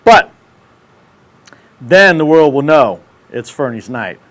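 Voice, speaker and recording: A man's voice: on the high side, big pitch swings, slow, fairly bright tone. A man in his thirties hosting a casual livestream, ranting in brash, profane, slangy banter. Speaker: show host.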